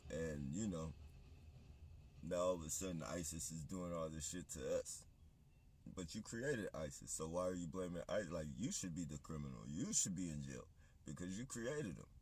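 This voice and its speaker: A man's voice: low-pitched, expressive, moderate pace, a little mellow, slight background noise. A man on a livestream, ranting in a heated, profane, rambling monologue. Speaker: livestream host.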